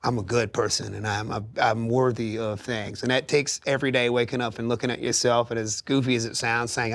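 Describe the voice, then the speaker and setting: A man's voice: medium pitch, flat delivery, brisk, few pauses, dry recording. A man in his thirties, a singer talking candidly as a podcast guest, rambling and earnest with many restarts. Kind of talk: candid conversational interview. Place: podcast studio.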